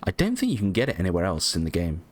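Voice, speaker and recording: Man, very low voice, lively swoops, rambling game commentary, faint background hum. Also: rapid-fire. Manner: rambling, lots of ums, casual swearing, self-mocking. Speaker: gaming channel host. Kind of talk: casual let's-play commentary.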